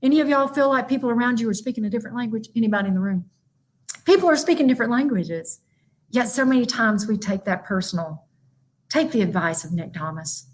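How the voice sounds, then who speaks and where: A woman giving a lively, emphatic motivational keynote, talking straight to her audience. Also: fairly high pitch, quick pace. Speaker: motivational speaker. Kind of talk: virtual keynote talk.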